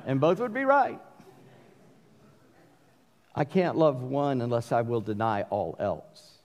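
A middle-aged man with a Southern accent preaching a sermon, mixing forceful emphatic bursts with folksy asides. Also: mid-range voice, lively intonation, takes it slowly, muffled recording. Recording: long hall reverb.

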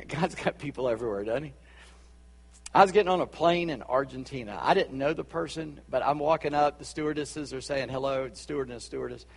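A man with a Charleston Southern accent preaching a sermon as a pastor, chatty with asides and quick laughs. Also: a little high, slightly rough, in a large hall. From Charleston, South Carolina.

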